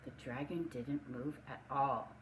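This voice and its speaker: A woman, a preschool teacher, reads a storybook aloud expressively for young children, pausing to comment on the story. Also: extremely low pitch, steady tone, roomy sound, a little hiss or hum, poor audio.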